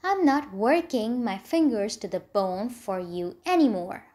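A woman's voice: high voice, expressive, takes it slowly. A woman voicing an envious, spiteful young maid who speaks rudely and sneeringly in a storybook reading. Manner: rude, sneering.

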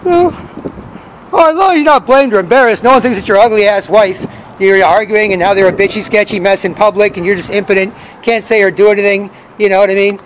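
High-pitched fast-talking man. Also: slight background noise, poor audio. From Canada. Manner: rambling, profane, repetitive. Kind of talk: street vlog rant. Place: outdoors in a city square.

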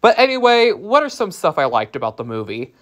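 A movie reviewer talking casually in a deadpan, sarcastic way. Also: medium pitch, fairly quick. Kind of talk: casual comedic review monologue.

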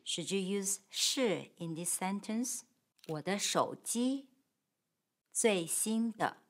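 A woman teaching Mandarin grammar, explaining patiently and clearly with model sentences. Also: mid-range voice, expressive, takes it slowly. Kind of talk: grammar lesson.

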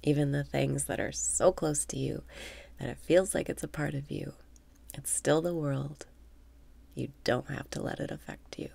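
A woman leading a guided meditation with calm breath cues, often dropping into a half whisper. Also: low-pitched, moderate pace, vocal fry, husky, dry recording.

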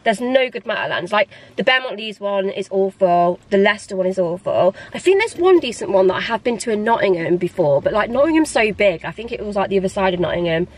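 A young woman, gushing and chatty as she vlogs, her voice a little hoarse. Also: medium pitch, fast, few pauses, rough recording. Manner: excitable, gushing, fills with "like". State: slightly hoarse. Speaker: vlogger. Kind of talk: casual chatty vlog. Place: in a parked car, then in a shop.

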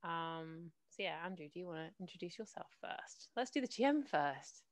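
Lively, bubbly female host, dry close mic. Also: fairly low pitch, moderate pace, no echo. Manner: bubbly, enthusiastic cheers. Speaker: stream host. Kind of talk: casual stream introduction.

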